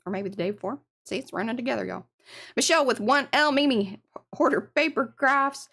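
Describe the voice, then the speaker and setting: A woman's voice: a little high, a little fast, vocal fry, sharp tone. A woman hosting an art livestream, chatting casually and greeting viewers by name. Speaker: livestream art show host.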